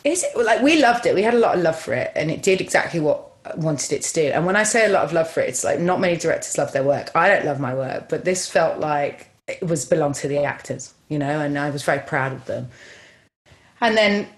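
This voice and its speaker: A woman film director telling a story in a casual interview, chatty and animated, full of fillers. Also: sits low, fairly quick.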